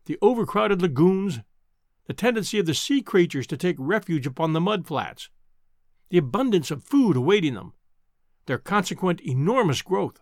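A man narrating a classic novel in a measured, expressive audiobook style. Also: high-pitched, no room sound, clean studio sound. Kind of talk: audiobook storytelling.

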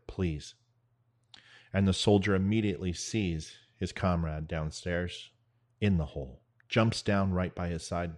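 A man hosting his own show, telling a spoken parable in an earnest, measured way with dramatic pauses. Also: sits low, darkish tone. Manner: veteran advocate. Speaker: show host. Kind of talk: spoken parable, storytelling monologue.

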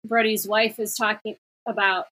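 A woman's voice: mid-range voice, level tone, normal speed, sharp tone, slightly rough, rough recording. A woman co-hosting a podcast, talking about a film in an emphatic, opinionated way and often restarting her sentences. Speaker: podcast co-host. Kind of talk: casual film podcast chat.

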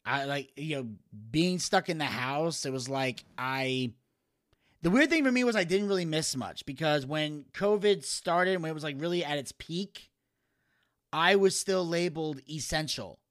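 This podcast co-host has a fairly high, slightly bright voice and speaks at a moderate pace. He chats casually, wandering through rambling stories packed with fillers and slipping into cartoon impressions.

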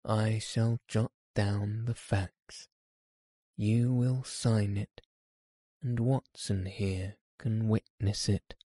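Man reading a calm gentle detective, super slow and measured, dry close audio. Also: lowish voice, no echo.

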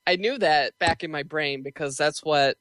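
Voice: medium pitch, normal speed, a bit bright, no echo. A podcast co-host chatting casually and making wry, joking asides.

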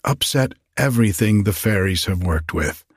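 A man voicing a solemn old wise man who gives measured, old-fashioned instructions. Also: fairly low pitch, expressive, husky, no room sound, clean studio sound. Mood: instructing.

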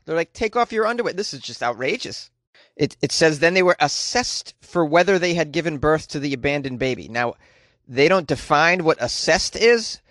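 A man's voice: fairly high pitch, fairly bright tone, no room sound, clean studio sound. A man giving casual, sarcastic commentary on news stories, reading out quotes and riffing on them. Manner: sarcastic, riffing asides between read-out quotes.

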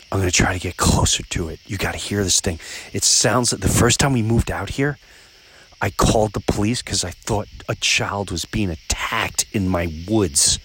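A man hosting a podcast, telling stories in a casual, animated way while outdoors by the woods at night. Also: a little hiss or hum. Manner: animated storyteller, pitch jumps up when exasperated. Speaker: podcast host. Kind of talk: casual solo monologue.

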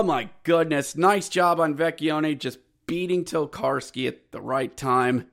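A man hosting a hockey podcast, recapping games play-by-play, joking and bursting into shouted goal calls. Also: high-pitched. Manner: erupts into shouted goal calls, jokey asides. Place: jockey wagon.

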